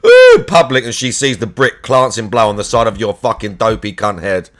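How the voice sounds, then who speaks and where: A man's voice: fairly low pitch, fairly even intonation, brisk, a bit bright. A man chatting casually on a live stream, crude and sweary, teasing his cat and ranting between plays.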